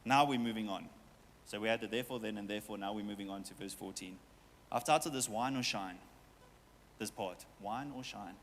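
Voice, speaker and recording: A man's voice: on the low side, brisk, long reverb tail, a little hiss or hum. A man preaching a sermon as pastor, talking straight to his congregation with playful asides and quoted voices. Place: church hall with long reverb.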